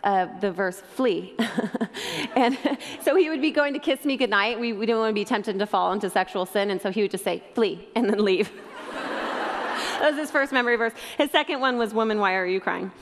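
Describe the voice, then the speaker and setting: A woman's voice: medium pitch, normal speed. A middle-aged woman preaching a sermon, telling the story with emotion and laughing often. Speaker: speaker. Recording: long hall reverb.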